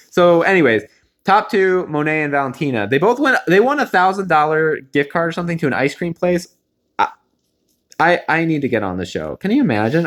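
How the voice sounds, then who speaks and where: A man talks through a reality show episode in a loose, chatty vlog. He fills his speech with "um" and "you know" and restarts sentences often. His voice sits at an ordinary middle pitch. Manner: chatty, animated, many fillers and restarts. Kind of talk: casual recap vlog.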